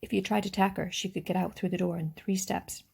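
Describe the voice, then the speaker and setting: A woman's voice: fairly low pitch, steady tone, fast, gravelly, darkish tone, husky. A woman reading a children's novel aloud, with small slips and restarts. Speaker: reader.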